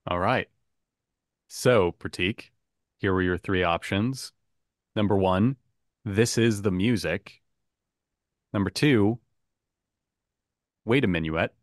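A man's voice: on the low side, slow pace, pauses often, no room sound, clean studio sound. Chatty man hosting a podcast game. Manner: upbeat, chatty, laughs often. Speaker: game show host.

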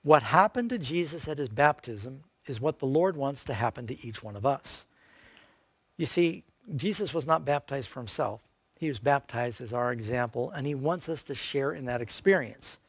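A man's voice: mid-range voice, lively intonation, normal speed, slightly rough, dry recording. An older man preaching a sermon as an evangelist, emphatic and full of rhetorical questions.

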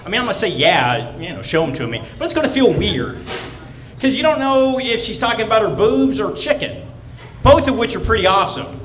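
A man's voice: extremely high pitch, lively intonation, a bit bright, roomy sound, low-quality recording. A man doing a brash stand-up set on a comedy club stage, telling stories and acting out other people. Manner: brash, storytelling, quick to act out other people.

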